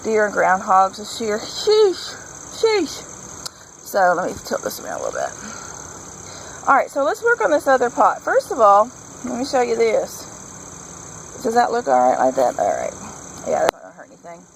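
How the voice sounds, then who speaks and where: A woman's voice: medium pitch, big pitch swings, moderate pace, creaky, long pauses, slight background noise, low-quality recording. A woman vlogger chatting casually and enthusiastically while she works on a patio garden, rambling from one thought to the next. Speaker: homesteading vlogger.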